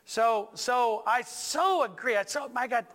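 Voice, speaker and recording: A man's voice: extremely high pitch, a little slow, a bit bright. A male pastor preaching a sermon in a church, joking with the congregation and stressing lines with emphatic repetition.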